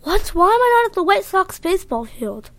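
A woman voicing an anxious young boy who can time travel, talking in a breathless, excitable way. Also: extremely high pitch, brisk, no echo, pitched above the performer's own voice, exaggerated voice. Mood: worried.

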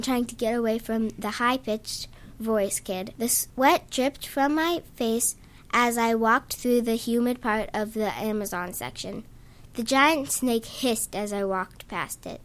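A woman reads her own short story aloud at an unhurried, deliberate pace. Her voice sits fairly high, and she sometimes stumbles and restarts a word. She sounds like an amateur reader sharing her writing. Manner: slow, careful reading with small stumbles.

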